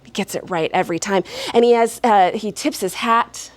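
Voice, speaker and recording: A woman's voice: medium pitch, moderate pace, no echo. A woman performing a live oral fairy tale for an audience, playful and chuckling, with folksy asides. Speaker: storyteller. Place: live stage before an audience.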